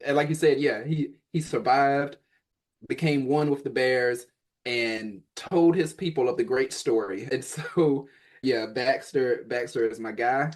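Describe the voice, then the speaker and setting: Relaxed man in a podcast chat. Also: medium pitch, unhurried. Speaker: podcast co-host. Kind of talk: casual chat.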